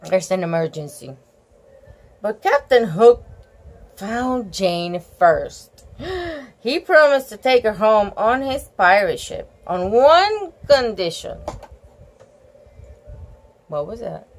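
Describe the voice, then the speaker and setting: A woman's voice: mid-range voice, very animated, slow pace, long pauses, low-quality recording. A woman reading a picture book aloud, gasping and exclaiming over the pictures with chatty asides. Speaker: storybook reader.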